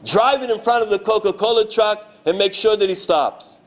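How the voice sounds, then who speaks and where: A man voicing a quiet, tranquil elderly rabbi who speaks slowly and softly in a sermon story. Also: high voice, pitched above the performer's own voice, close to an everyday voice. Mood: firm. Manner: slow, soft, tranquil.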